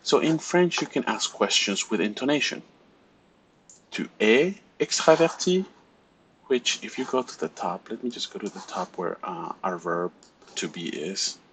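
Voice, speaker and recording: A man's voice: deep voice, moderate pace, a bit bright, slight background noise, poor audio. A man teaching a French class, explaining grammar step by step and often checking in with "right?". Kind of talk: recorded classroom lecture.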